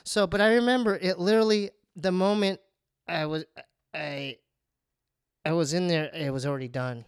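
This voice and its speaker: A man's voice: a little high, moderate pace, clean tone, no room sound, studio quality. A man telling a comic personal story in casual chat, stammering and poking fun at himself. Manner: animated, stammering, self-mocking.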